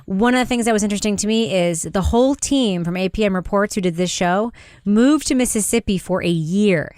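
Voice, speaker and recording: A woman hosts a podcast, steering the talk in a loose, chatty way. Her voice sits at an ordinary pitch and is recorded close and dry, with no room sound. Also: brisk, a little mellow, no echo. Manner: chatty, leads the discussion. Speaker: podcast host. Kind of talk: casual chat.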